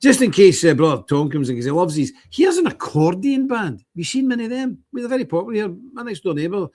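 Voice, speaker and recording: A man with a Northern Irish accent giving rambling, blunt livestream commentary, animated and full of restarts and asides. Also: high voice, fairly quick. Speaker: livestream host.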